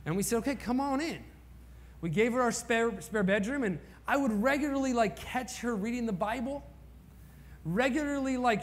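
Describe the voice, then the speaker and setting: A man in his thirties from Indiana preaching a sermon through personal stories, impassioned, swinging from hushed lines to near-shouts. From Indiana, USA. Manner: impassioned storytelling, rising to near-shouts at high points.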